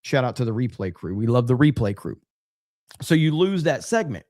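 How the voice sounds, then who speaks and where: Here a podcast host with a mid-range voice speaks at normal speed, reacting animatedly to a video clip with laughs and interjections. The recording has studio quality and no echo.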